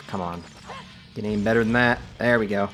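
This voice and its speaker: A man hosting a video game let's play, giving relaxed, chatty commentary full of filler words. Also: on the low side, moderate pace, soft background music. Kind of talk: casual gameplay commentary.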